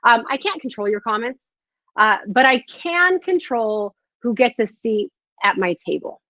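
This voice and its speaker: A woman in her thirties talking earnestly to followers on a live stream, nervous and halting with restarts. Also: a little high, expressive, pushed and bright, no echo, dull audio. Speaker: social media host.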